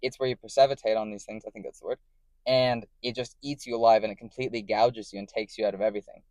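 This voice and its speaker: A man's voice: fairly low pitch, fairly even intonation, fast talker, darkish tone, no room sound. A man in a casual monologue, talking to camera as a vlogger, rambling, correcting himself and checking in with the listener. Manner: rambling and self-correcting, often checking in with "right?".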